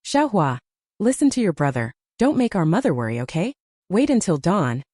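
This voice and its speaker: A woman voicing a tired mother who speaks softly and slowly to her children. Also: on the low side, sing-song, no echo, clean studio sound. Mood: gentle. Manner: soft-spoken, slow. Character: gentle tired mother of three.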